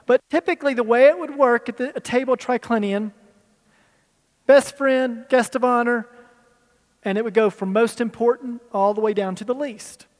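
Guy w a really high voice doing a chatty bible lesson w slides, big echoey hall. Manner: conversational, explaining and asking the room. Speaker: pastor. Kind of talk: teaching sermon with slides. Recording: long hall reverb.

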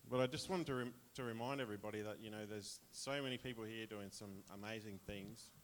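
A man's voice: fairly low pitch, fast, a little hiss or hum. Chatty Australian man giving testimony. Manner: chatty, rambling, laughs often. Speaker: church member sharing testimony. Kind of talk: casual testimony to a congregation.

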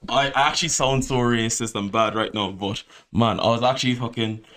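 A young man tells a story to his friends. His voice sits in an ordinary middle range. He talks in a loose, animated way, swearing freely and laughing between lines. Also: medium pitch, normal speed. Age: 20s. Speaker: podcast host. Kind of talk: casual storytelling chat.

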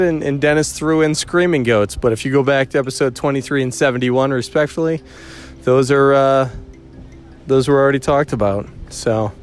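Rambling man hosting a podcast. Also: medium pitch. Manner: rambling, many fillers and restarts. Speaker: podcast host. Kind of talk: casual podcast chat.

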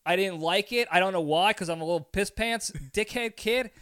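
A man hosting a podcast, telling a story in a casual chat in an animated way, acting out scenes and laughing often. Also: sits high, fairly quick, clear, resonant tone. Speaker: podcast host.

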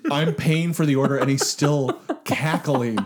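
A man co-hosting a podcast, asking quick questions and reacting to the others' stories. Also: fairly high pitch, fairly even intonation, crowd noise. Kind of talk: casual podcast chat.

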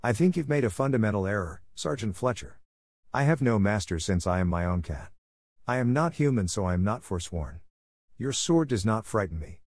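A cold, merciless black tomcat with a low growl running under every word, as a male narrator puts him on. The voice sits very deep, and the recording is dry and close. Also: lively intonation, moderate pace, a little mellow, no echo. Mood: coldly calm.

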